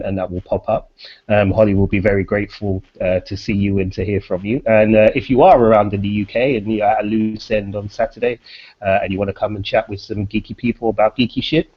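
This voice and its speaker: A man co-hosting a casual podcast, signing off in a relaxed, rambling way full of fillers. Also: on the low side, breathy edge. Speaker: podcast co-host. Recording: dull lo-fi audio.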